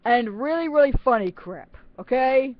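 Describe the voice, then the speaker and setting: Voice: sits high, expressive, moderate pace, highs cut off. A teenager talking casually into a webcam on their own channel, rambling and giggling with plenty of self-mocking asides. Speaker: channel host.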